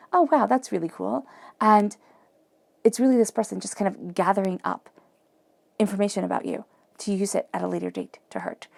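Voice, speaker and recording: A woman giving a tarot reading straight to her listener, earnest and encouraging, sometimes dropping to a soft murmur as she chants questions over the cards. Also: medium pitch, gravelly, no room sound. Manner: earnest, emphatic and encouraging, addressing the listener directly. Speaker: tarot reader.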